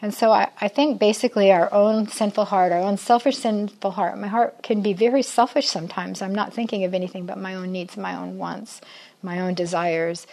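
A woman's voice: mid-range voice, fairly even intonation, fairly quick, darkish tone. An older woman giving a chatty, conversational Bible teaching to a group of women, often asking her listeners questions. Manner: chatty, asks the audience questions.

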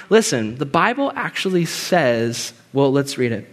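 A man preaching a sermon to a room full of people, rising to loud emphatic peaks and dropping to soft, low passages. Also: big pitch swings, measured pace, few pauses. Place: room with an audience.

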